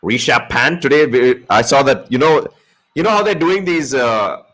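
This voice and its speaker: A man chats through a live cricket match with a friend, cracking jokes, swearing freely and needling his co-host between calls on the play. His voice sits at an ordinary middle pitch for a man. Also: lively intonation, normal speed, fairly bright tone. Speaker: cricket watch-along co-host. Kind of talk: casual live-stream chat and commentary.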